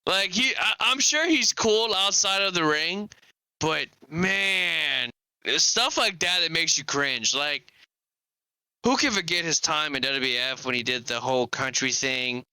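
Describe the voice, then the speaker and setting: A man hosts a live podcast in a loose, rambling, chatty way. His voice is very bright and smooth, a little higher than most men's, and the sound is dry and close with no room echo. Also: animated, a little slow. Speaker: podcast host. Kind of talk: casual live podcast chat about wrestling.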